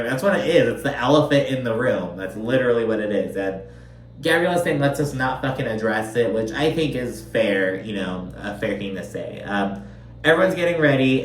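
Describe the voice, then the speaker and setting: A man chats his way through a reality show recap in a loose, profane style, leaning on "like" throughout. His voice sits at an average pitch and echoes in a roomy space. The mic stands back from him, with a faint hum underneath. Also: far from the mic. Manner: chatty, profane, lots of "like". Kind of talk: casual recap commentary.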